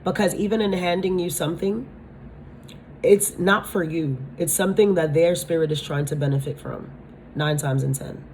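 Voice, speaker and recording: A woman's voice: fairly low pitch, normal speed, darkish tone, a little hiss or hum. A woman giving a spiritual tarot-style reading, talking bluntly, swearing freely and often asking her listeners if they understand. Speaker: tarot reader.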